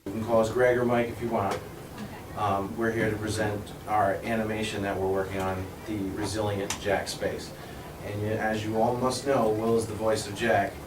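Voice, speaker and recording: A man with a somewhat low voice explains how his cartoon came about. He speaks casually, pausing on small fillers. A soft hiss sits in the background. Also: level tone. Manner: easygoing, with fillers. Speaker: co-writer and animator.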